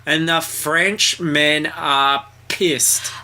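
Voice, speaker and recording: A man's voice: on the high side, fairly even intonation, extremely slow, bright, forceful tone. A man hosting a casual podcast, recapping a book in a wry, mocking way. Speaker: podcast host.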